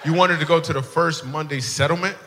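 This man's fairly quick, higher-pitched voice is bright and forceful, with fairly even intonation. Doing crowd work on stage, he teases audience members playfully and laughs at his own jokes, recorded on a handheld mic with long hall reverb and faint room noise.

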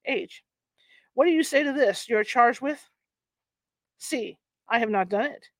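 A woman reads a historical book aloud for her channel, her voice sitting a little high. Between passages she drops into chatty asides, and she sometimes stumbles over the old wording. The sound is close and dry, with little room in it. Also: lively intonation, measured pace, no echo. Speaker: host of a paranormal reading channel.

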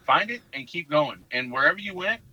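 On a casual podcast chat, a man with a slightly high, slightly quick voice tells stories and acts out what people said to him in animated quotes. There's no room sound, and the highs are cut off.

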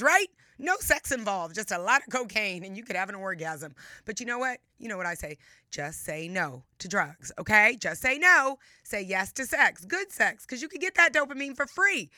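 A woman's voice: medium pitch, bright, forceful tone, dry recording, clean studio sound. A woman hosting a live radio talk show, playful and emphatic, laughing often and stretching words for effect.

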